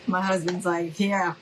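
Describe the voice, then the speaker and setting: A woman's voice: mid-range voice, fairly bright tone, low-quality recording. A woman hosting a live crafting demonstration, chatting with viewers, saying y'all and asking okay? as she works. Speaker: craft tutorial host.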